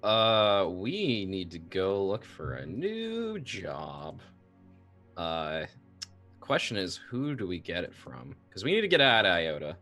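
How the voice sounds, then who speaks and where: A man's voice: low voice, big pitch swings, takes it slowly, bright, forceful tone, soft background music. A man playing a tabletop game, laid-back and chuckling with the group. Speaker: player.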